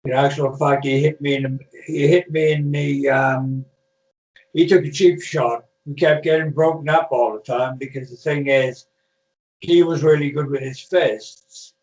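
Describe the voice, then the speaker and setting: A man's voice: mid-range voice, fairly even intonation, unhurried, darkish tone. An older man from Britain, a retired wrestler, telling rambling stories in a casual interview over a video call, full of restarts and fillers. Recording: echoey room, far from mic.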